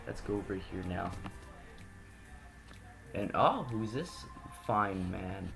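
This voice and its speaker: Let's play host, rambling and joking, faint game music behind. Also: male voice, lowish voice, animated, slow pace, gravelly, pauses often. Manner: joking, rambling, self-correcting. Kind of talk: gameplay commentary.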